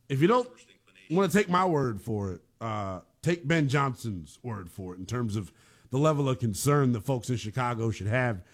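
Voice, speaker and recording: A man hosting a sports talk show, giving emphatic, heated opinions in a casual, blunt way. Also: mid-range voice. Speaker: sports radio host. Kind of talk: fired-up sports talk commentary.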